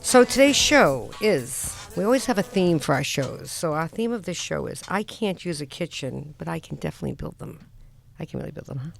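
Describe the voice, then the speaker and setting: A woman's voice: low voice, big pitch swings, normal speed, creaky, few pauses, faint music behind. A middle-aged woman with a Boston accent, hosting a radio talk show in a chatty, joking way. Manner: chatty, jokey, teasing. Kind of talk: casual chat.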